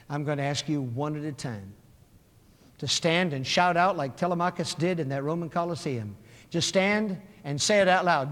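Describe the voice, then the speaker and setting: A man's voice: a little high, moderate pace. Man preaching in a reverberant hall. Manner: dramatic storytelling, swings from shouting to hushed prayer. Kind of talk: sermon.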